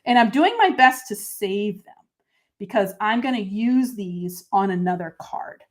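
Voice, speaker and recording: A woman's voice: mid-range voice, animated, unhurried. A woman hosts a live craft demonstration, talking through each step as she works. Her delivery is chatty and self-deprecating. She breaks off often to answer viewers by name. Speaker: host of a live papercrafting stream.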